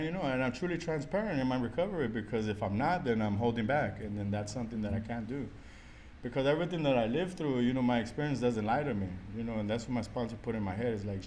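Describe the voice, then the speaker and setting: A middle-aged man talks through his recovery at a meeting in a loose, profane and rambling way. His voice sits at an ordinary pitch, and he gets animated as he goes. A faint hiss of background noise runs under the recording. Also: fast. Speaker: alumni meeting speaker. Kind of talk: recovery share.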